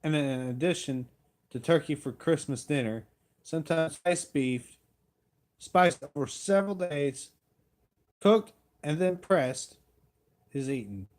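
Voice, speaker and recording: A man hosting a casual live stream, reading out a little and then rambling along in a folksy, unhurried way. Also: a little high, darkish tone. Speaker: livestream host.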